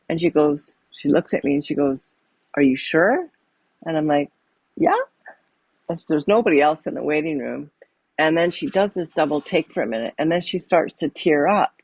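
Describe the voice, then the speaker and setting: Middle-aged woman, yoga teacher guest; gravelly, dry close mic, rambling storyteller. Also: low-pitched, darkish tone, no room sound, low-quality recording. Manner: rambling, many restarts and fillers. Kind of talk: casual storytelling.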